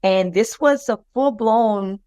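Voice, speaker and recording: A podcast co-host speaks slowly in a smooth, high-leaning voice, recorded dry. Her personal story rambles loosely with fillers and restarts, and she performs the other people's voices in a lively, expressive way.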